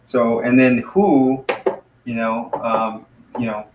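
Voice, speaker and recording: Male teacher, casual classroom lesson, patient, slows down on key words; roomy sound, mic set back. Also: medium pitch, little pitch movement, highs cut off, background noise. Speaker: Greek teacher. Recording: echoey room, mic far off.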